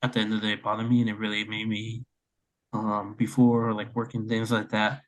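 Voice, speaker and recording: A man's voice: fairly low pitch, completely flat delivery, brisk, poor audio. A young man in his twenties co-hosting a casual podcast, speaking earnestly with many fillers. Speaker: podcast co-host.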